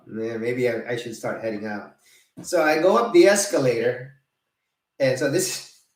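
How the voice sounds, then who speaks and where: Man in his fifties telling stories in a roomy space. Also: a little high. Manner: animated, laughing, cursing, acting out both sides of arguments. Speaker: retired vlogger. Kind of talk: casual storytelling. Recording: roomy, mic set at a distance.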